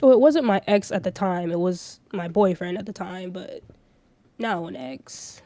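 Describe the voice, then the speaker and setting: A woman's voice: on the low side, unhurried, warm tone, no room sound. A woman in her twenties chatting casually on a livestream, telling rambling stories with heavy profanity and blunt rants. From Florida. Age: 20s. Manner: profane, ranting storyteller. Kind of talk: casual stream chat.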